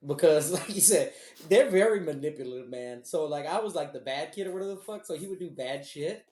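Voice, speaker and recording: A man's voice: a little high, animated, fairly quick, darkish tone. A man hosting a podcast in casual chat, laughing often, joking and swearing freely. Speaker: podcast host. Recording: roomy echo.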